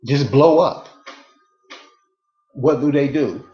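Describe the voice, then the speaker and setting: A man's voice: medium pitch, slow, warm tone, roomy sound, dull audio, soft background music. A man delivering a casual, emphatic monologue to his viewers, repeating rhetorical questions over and over. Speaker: online commentator.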